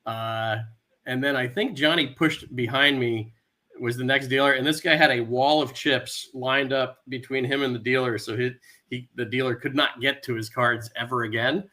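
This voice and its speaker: A man telling a casual story about dealing poker. He talks in a relaxed, slightly halting way and gets loud when he acts out what players said. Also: medium pitch. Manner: relaxed, a bit halting, with loud acted-out quotes. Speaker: poker dealer, podcast guest.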